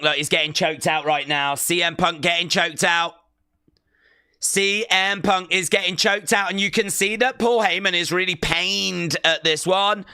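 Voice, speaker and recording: A man hosting a live watch-along stream, reacting excitedly and repeating himself, shouting out counts and big moves. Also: a little high, smooth, dry recording, clean studio sound.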